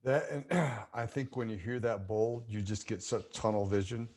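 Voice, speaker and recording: A man's voice: on the low side, normal speed, a little mellow. A man hosting a podcast, chatting casually with his guest in an easygoing way with filler words. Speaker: podcast host.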